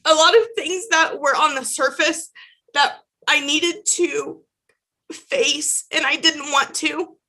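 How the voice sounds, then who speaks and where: A woman reflecting on speaking up as a patient, heartfelt and halting, with many fillers. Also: sits high, steady tone, pushed and bright. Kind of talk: personal reflection.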